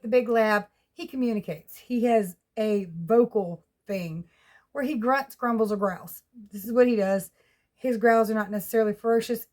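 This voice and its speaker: A woman's voice: medium pitch, a little mellow. A woman with a Southern US accent rambling in a casual, folksy home vlog, often laughing. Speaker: vlogger. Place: at home with pets.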